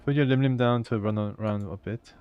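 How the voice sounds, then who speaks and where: A man's voice: fairly low pitch, fast, dull audio. A man casually playing through a video game, reading its text aloud and chatting about it. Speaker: gamer.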